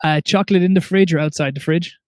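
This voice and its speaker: Guy in his 30s hosting a podcast, talks really fast, kinda high voice, lots of restarts. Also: fairly even intonation, darkish tone, no echo, clean studio sound. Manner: chatty storyteller with many restarts. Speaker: podcast host. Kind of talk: casual interview chat.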